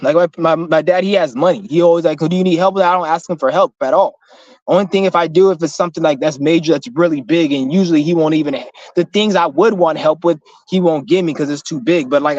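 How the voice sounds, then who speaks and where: A man's voice: on the high side, a little mellow, dry recording. A young man giving a casual motivational rant to his viewers, blunt and profane, rambling with frequent restarts. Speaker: vlogger. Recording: slightly muffled lo-fi recording.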